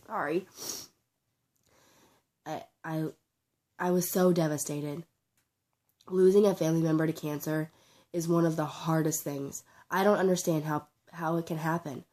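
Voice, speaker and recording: A young woman with a sore throat talking in a personal vlog, halting, tearful and full of restarts. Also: deep voice, fairly even intonation, warm tone. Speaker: vlogger.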